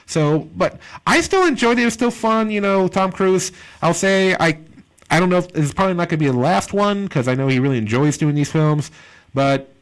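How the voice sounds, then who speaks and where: Male comedian co-host, casual chatty reviewer, loose and filler-heavy, a bit higher-pitched. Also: fairly quick, smooth. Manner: rambling, filler-heavy, animated impressions. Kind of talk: casual chat, movie review.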